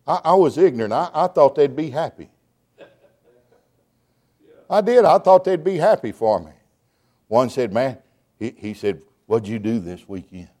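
A middle-aged preacher man with a high, ringing voice. He swings from hushed storytelling to loud, emotional shouting, and he stumbles and restarts words as he drives his sermon along. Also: animated, a little slow, pauses often.

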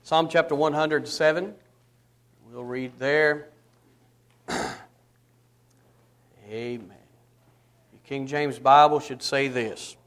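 A man's voice: mid-range voice, steady tone, takes it slowly, pauses often, a bit bright. A man preaching a sermon as pastor, calling out to the congregation and breaking into song.

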